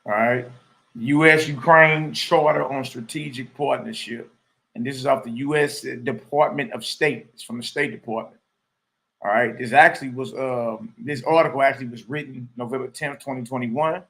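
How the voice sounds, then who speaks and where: A man's voice: mid-range voice, normal speed, gravelly, a bit bright. A man hosting a live stream, chatting casually and reading a document aloud with loose asides.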